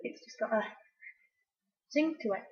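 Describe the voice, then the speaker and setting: A teenage girl chatting casually and giving rambling, opinionated answers full of fillers. The recording is a dull, lo-fi home recording. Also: a little slow. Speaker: interviewee. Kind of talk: casual chat.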